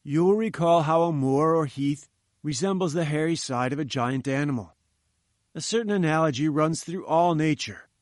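Man playing a haughty old professor, lectures down to people, fairly high voice, dry close sound. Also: moderate pace, no room sound, close to an everyday voice. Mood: lecturing. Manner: condescending, lecturing. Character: pompous, patronizing older male professor. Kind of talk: audiobook reading.

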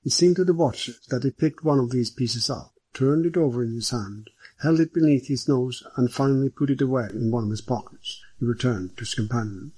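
A man reading a novel aloud as an audiobook narrator in a steady, measured way. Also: mid-range voice, breathy edge, dry recording. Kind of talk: scripted narration.

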